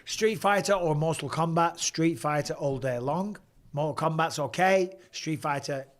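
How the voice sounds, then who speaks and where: A middle-aged man with a northern English accent, hosting a live watchalong and chatting casually with viewers, blunt and quick to swear. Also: a little high. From England. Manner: casual and blunt, swears freely, reads viewer questions aloud. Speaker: host.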